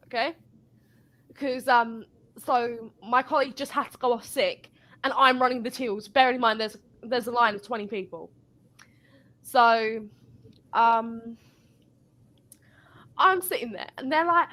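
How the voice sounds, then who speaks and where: Woman, casual venting chat, bright tone, slightly high voice, rambling, sweary. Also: moderate pace, long pauses. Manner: swearing, rambling, animated storytelling. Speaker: guest telling a work story.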